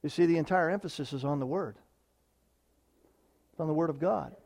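A man preaching a sermon, swinging from loud emphatic declarations to quiet, quick asides while reading scripture. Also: a little high, gravelly. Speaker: pastor.

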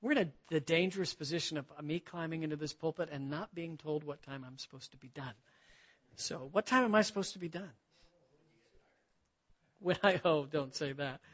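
A middle-aged man preaches a sermon to a men's gathering in a church, telling self-deprecating stories with easy humor and frequent laughs. His voice is on the high side and fairly bright, at a normal speed, captured in a dull lo-fi recording.

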